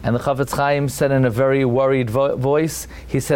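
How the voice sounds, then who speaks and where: A man's voice: medium pitch, level tone, normal speed, a little mellow, clean tone. A man teaching a Torah class as a rabbi, telling the story dramatically and with emphasis, full of restarts and Hebrew terms. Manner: sprinkles Hebrew and Yiddish terms.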